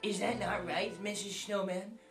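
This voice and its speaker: A woman's voice: medium pitch, fairly even intonation, moderate pace. A woman hosting a homemade comedy show, rambling crudely and erratically in a put-on posh accent. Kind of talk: rambling improvised comedy monologue. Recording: echoey room, far from mic, loud music behind.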